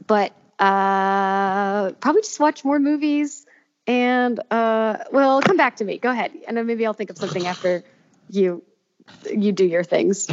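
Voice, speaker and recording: A woman's voice: medium pitch, unhurried, highs cut off. A woman co-hosting a podcast in casual chat, rambling with fillers and restarts. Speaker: podcast co-host.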